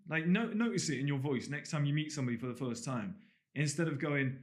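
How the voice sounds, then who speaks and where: A man teaching an online course to camera in a casual, conversational way, calling his viewers guys and switching between slow, deliberate statements and quicker chat. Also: medium pitch. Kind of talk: casual spoken lesson to camera. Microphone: talking to camera.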